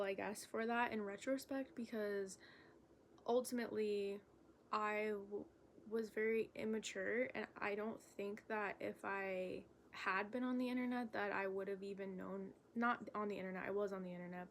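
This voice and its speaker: A young woman making a casual vlog, talking in a halting, candid way with lots of fillers and self-corrections. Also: mid-range voice, slight background noise. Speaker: vlogger. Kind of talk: rambling stream-of-consciousness vlog.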